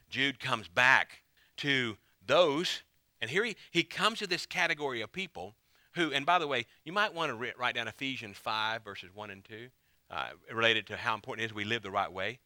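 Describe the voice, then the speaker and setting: A man's voice: medium pitch, pushed and bright, no echo. A male pastor preaching a sermon in an emphatic way, repeating key phrases to drive them home.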